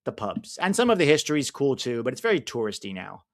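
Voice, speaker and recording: American man, young adult, live-stream host, chatty, animated pitch, answers viewer comments. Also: fast. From United States. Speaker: watch-along host. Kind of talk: live-stream chat and match reactions.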